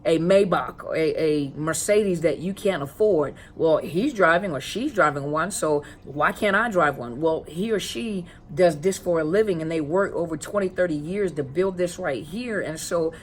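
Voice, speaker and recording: A woman with a lowish voice talks casually to her viewers as a counselor, explaining her topic in a loose, conversational way. She keeps asking rhetorical questions, repeats phrases, and stalls on fillers while she hunts for a word. A faint hum of noise sits under the voice. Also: moderate pace, hardly any pauses. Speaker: counselor and coach on narcissistic abuse. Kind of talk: casual educational talk to viewers.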